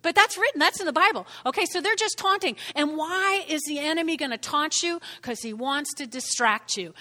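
High-pitched animated woman preacher in a hall. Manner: animated, calls out to the congregation, repeats phrases. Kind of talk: lively sermon.

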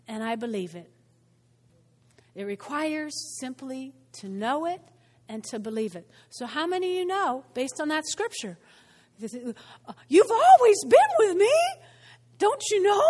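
A woman pastor preaching a sermon in a church, animated and conversational, often asking the congregation questions. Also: high voice. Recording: long church hall reverb.

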